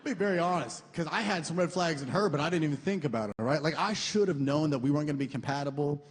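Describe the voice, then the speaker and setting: A young man with a high, bright voice works through a stand-up set. He is animated and crude and keeps hitting his punchlines hard. The room carries a long, reverberant tail with faint ambience behind him. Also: fast, a little hiss or hum. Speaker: stand-up comedian. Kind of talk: stand-up routine. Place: comedy club stage.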